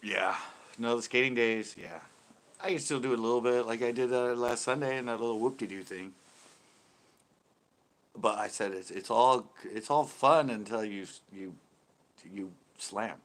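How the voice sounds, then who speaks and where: A man's voice: medium pitch, normal speed, fairly bright tone. A middle-aged man hosting a live stream, chatting casually, laughing often and swearing lightly.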